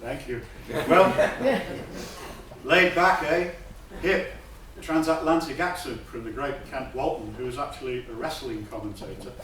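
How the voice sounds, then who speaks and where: A man's voice: mid-range voice, brisk, recorded from a distance, background noise. Playful man giving a keynote in an echoey hall. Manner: lively, playful, uses hip slang. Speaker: keynote speaker. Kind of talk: lecture.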